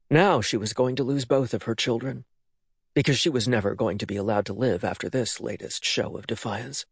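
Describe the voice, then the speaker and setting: A man reading an audiobook, narrating in an expressive, dramatic way. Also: mid-range voice, slightly rough, no room sound, studio quality. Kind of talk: scripted narration.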